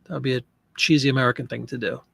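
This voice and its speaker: A man's voice: medium pitch, steady tone, racing, creaky, a bit bright, no room sound. A man casually talking through an online listing session, joking and fumbling over French pronunciation. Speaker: online reseller listing print ads.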